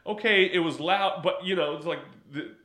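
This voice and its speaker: Animated laughing man in an echoey room. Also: high-pitched, normal speed. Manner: animated, laughing, acts out lines in funny voices. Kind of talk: casual chat recapping a film.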